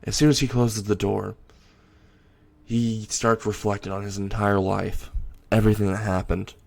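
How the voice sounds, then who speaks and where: A man casually improvising a dark fan story narration with blunt, crude wording. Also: fairly low pitch, vocal fry.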